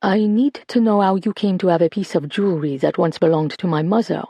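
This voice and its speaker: A narrator voicing a determined woman, a former jewel thief, who keeps her tone calm and measured. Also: lowish voice, breathy edge, dry recording. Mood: calm, probing. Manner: measured, controlled.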